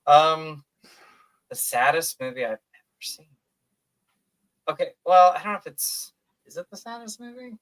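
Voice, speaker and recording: A young man co-hosting a casual podcast, animated and quick to laugh, acting out his own reactions. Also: a little high. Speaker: podcast co-host. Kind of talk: casual chat.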